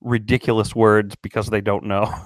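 A man co-hosting a podcast in casual banter, with wry, deadpan humor, steering the talk. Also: on the low side, normal speed, no echo, studio quality. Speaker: podcast co-host.

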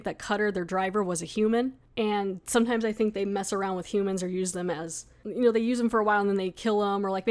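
A woman hosting a podcast, recapping an episode in a chatty, casual way full of fillers. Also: mid-range voice. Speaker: podcast host.

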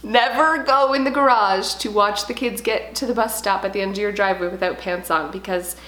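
A woman in her thirties, a home decor vlogger telling a story in casual, animated chat. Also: mid-range voice, fairly quick. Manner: chatty, animated storytelling with laughs. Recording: echoey room.

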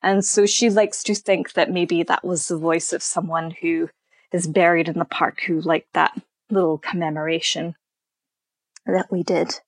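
A woman tour guide being interviewed, telling stories in an unhurried, thoughtful way. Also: on the low side, fairly even intonation, breathy edge, no echo. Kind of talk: conversational storytelling interview.

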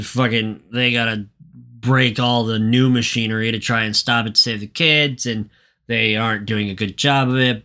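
A man's voice: lowish voice, bright, forceful tone. A man co-hosting a podcast, recapping a story in a casual, profane, rambling way. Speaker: podcast co-host. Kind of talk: casual chat.

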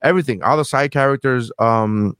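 A man co-hosting a casual podcast, animated and swearing freely, often trailing off mid-thought. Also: medium pitch, a little fast, smooth, no echo, clean studio sound. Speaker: podcast co-host. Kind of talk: casual chat.

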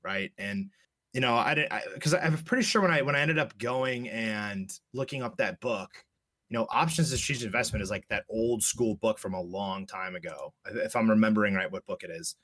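A young man casually tells a story in a lowish voice, speaking fairly quickly on a dry recording. He swears often and plays out both sides of a conversation as a profane, animated storyteller.

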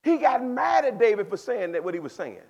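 A man with a very high voice preaches to a youth group. He leans into casual speech and calls out listeners by name. He swings from loud exhortation to quiet, plain explanation. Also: very animated, fairly quick, slightly rough, muffled recording. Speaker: pastor. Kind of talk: sermon to youth.

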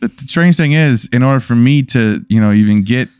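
A man's voice: medium pitch, brisk, a little mellow, clean tone, no room sound. A man playing along in an improvised comic bit, stammering and mock-earnest. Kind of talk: improvised comedic banter.

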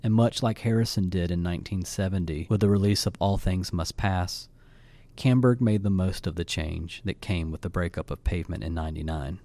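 A man hosting a podcast, reading scripted narration in a measured, even way. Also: deep voice, dry recording. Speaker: podcast host. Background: faint guitar music.

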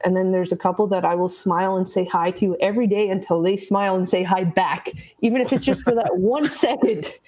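A woman's voice: medium pitch, a little fast, hardly any pauses, darkish tone, poor audio. A woman teacher, a guest on a podcast, chatting casually and laughing often between her points. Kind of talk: casual interview chat.

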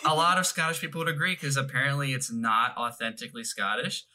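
A young man talks through a film in casual, rambling chat, often stopping to correct himself. His voice is very bright and forward. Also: medium pitch, fairly even intonation, fast talker, poor audio. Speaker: podcast co-host.

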